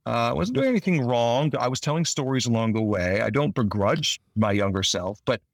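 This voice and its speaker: A brisk male actor with vocal fry and a medium-pitched voice, recorded without echo, tells rambling, casual stories in an interview. He keeps restarting his sentences and brings quoted lines to life with lively voices.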